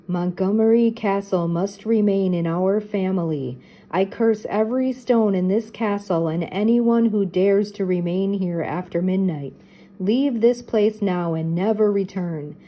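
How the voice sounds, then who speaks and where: A woman voicing the scratchy-voiced ghost of an old man, speaking slowly and solemnly. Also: mid-range voice, dark tone, natural voice. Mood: menacing. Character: old male ghost cursing a castle.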